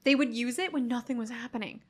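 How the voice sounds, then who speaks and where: Animated woman reviewing a film. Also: a little high, fast, breathy edge. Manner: animated, laughs often, acts out quotes. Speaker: podcast co-host. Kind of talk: casual movie review chat.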